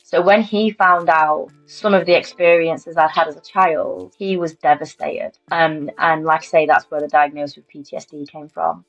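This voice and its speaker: A woman's voice: low-pitched, fairly even intonation, normal speed, vocal fry, hardly any pauses. A British woman in her thirties, speaking candidly and conversationally as an interview guest recounting her own story. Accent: British English. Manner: candid, conversational, quiet and matter-of-fact. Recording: slightly dull lo-fi audio, faint music behind.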